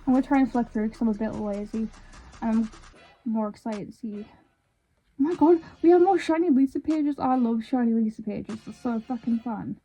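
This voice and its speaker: Excitable high-voiced young woman. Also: normal speed, husky, soft background music. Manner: excitable, chatty, swears casually. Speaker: vlogger. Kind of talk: casual unboxing vlog.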